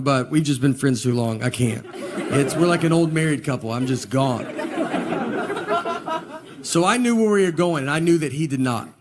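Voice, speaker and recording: A man performing a stand-up comedy set, telling stories in a slow deadpan way with hesitant pauses. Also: on the high side. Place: live comedy venue with audience. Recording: live show with audience laughter and background noise.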